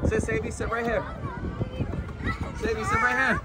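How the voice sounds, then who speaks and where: A man's voice: very high voice, big pitch swings, normal speed, a loud crowd. A father on a casual family outing, playfully coaxing his children and counting them down the slide. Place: outdoors at a farm playground. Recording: loud outdoor background noise.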